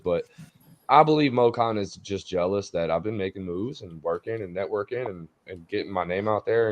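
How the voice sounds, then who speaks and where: Lively-pitched man bragging on stream. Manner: boastful, laughing, swearing. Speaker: guest on stream. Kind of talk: casual stream chat.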